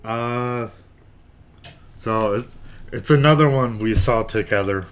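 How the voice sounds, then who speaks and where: A man's voice: medium pitch, clear, resonant tone. A man co-hosting a casual podcast chat, laughing often as he recalls movie nights. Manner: slow, laughs often, lively intonation. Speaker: podcast co-host.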